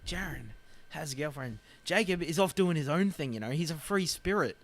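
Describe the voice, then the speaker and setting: A man's voice: on the high side, expressive, moderate pace. Dry-humored man, podcast co-host. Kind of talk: casual banter about movies.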